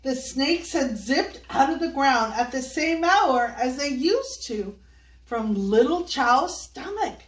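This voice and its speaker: A children's storyteller, an older woman, reads a picture book aloud and coaxes the kids with sing-song questions. Her voice sits high with lively intonation and an unhurried pace, captured distantly in an echoey room.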